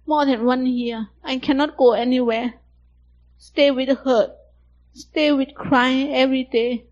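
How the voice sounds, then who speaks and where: A young woman from Thailand, giving personal testimony in halting, simple broken English. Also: high-pitched, a little mellow, dull audio.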